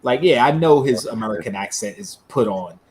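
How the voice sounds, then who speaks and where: A man hosting a casual livestream chat, explaining at length in an animated way. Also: mid-range voice, fairly quick, slight background noise. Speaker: host.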